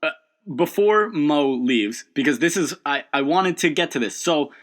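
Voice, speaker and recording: A man co-hosting a podcast in casual chat, laughing often and talking in halting bursts with fillers. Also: fairly high pitch, lively intonation. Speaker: podcast co-host.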